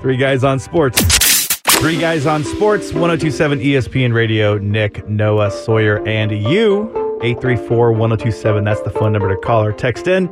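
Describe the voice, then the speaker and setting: A man hosting a sports radio show, chatting casually, his voice climbing higher when he gets excited. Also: moderate pace, over loud music.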